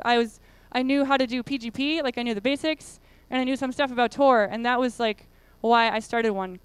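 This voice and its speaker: A woman's voice: fairly high pitch, clear, resonant tone, dry recording. A woman giving a casual conference talk, chatty and full of fillers. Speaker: conference speaker. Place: conference room.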